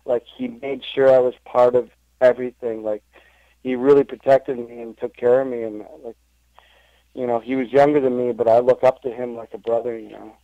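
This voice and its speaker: A man in a casual podcast interview, rambling and correcting himself as he tells stories. His voice sits at an ordinary middle pitch. The sound is dry and close to the mic. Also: flat delivery, brisk, dark tone, no echo, lo-fi sound. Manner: rambling storytelling, full of fillers and self-corrections. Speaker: interview guest, wrestling impressionist.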